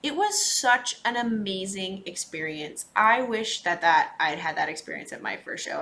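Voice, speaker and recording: A woman from Minnesota, a podcast host, telling a casual and animated personal story with laughs and asides. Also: lowish voice, creaky, a little hiss or hum.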